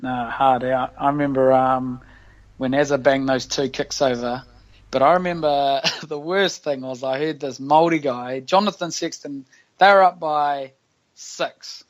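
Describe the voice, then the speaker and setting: A man's voice: medium pitch, fairly even intonation, a little slow, lo-fi sound. A man with a New Zealand accent, a podcast guest telling stories in casual, slangy chat and laughing often. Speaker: guest, professional rugby player.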